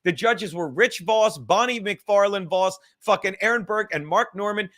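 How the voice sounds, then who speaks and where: A podcaster speaks in a high, slightly bright voice while ranting heatedly. It's a casual, profane tirade delivered fast, with lots of rambling and false starts.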